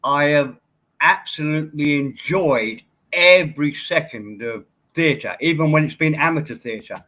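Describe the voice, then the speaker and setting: A man in casual chat, hesitant, with halting restarts. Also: on the high side, bright, forceful tone.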